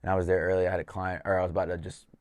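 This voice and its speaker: A man with a low voice tells a loose story on a podcast, swearing freely and acting out bits of dialogue. The recording is dry and close, with no room sound. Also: monotone, rapid-fire, a little mellow, no echo. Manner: loose and profane, acts out quoted dialogue. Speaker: podcast host and fight coach.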